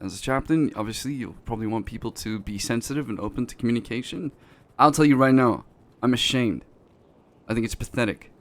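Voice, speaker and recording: A man's voice: medium pitch, a little fast, lightly acted. A man playing a blunt, defensive male boss who swears freely, does not speak English natively, and keeps restarting his words. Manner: profane, blunt, self-justifying, restarts words. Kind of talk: in-character role-play talk.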